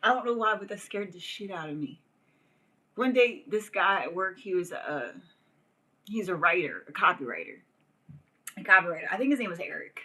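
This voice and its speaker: A woman's voice: lowish voice, sing-song, moderate pace, pauses often, pushed and bright, slightly rough, low-quality recording. A woman hosting a livestream, ranting casually in a profane, rambling way and laughing often. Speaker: livestream host.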